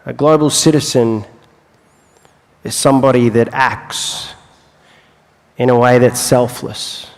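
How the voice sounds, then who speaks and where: A young man giving a motivational talk on stage, telling his life story with long pauses and playful asides. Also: medium pitch, steady tone. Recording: live hall with long reverb.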